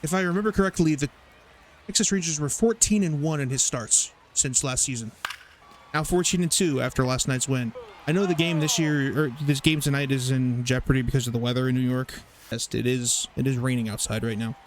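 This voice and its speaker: A young man casually commentating his baseball video game, rambling, swearing and getting excited over plays. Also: mid-range voice, brisk. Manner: chatty, rambling, profane, excitable. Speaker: gaming YouTuber. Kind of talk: casual let's-play commentary.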